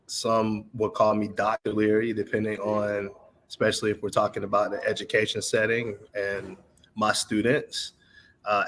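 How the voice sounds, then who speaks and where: A man from North Carolina, a podcast guest who introduces himself in a measured way with many pauses and ums. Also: lowish voice, fairly bright tone. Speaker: guest, adjunct professor and content developer. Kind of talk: podcast interview.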